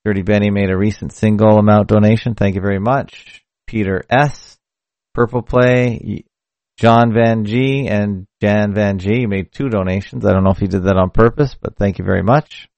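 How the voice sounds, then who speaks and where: A podcast host runs a casual solo live stream, rambling conversationally and often correcting himself mid-sentence. His voice is fairly low, steady and a little mellow at normal speed. The audio is dull with no room sound, captured by a mic through a hardware audio box.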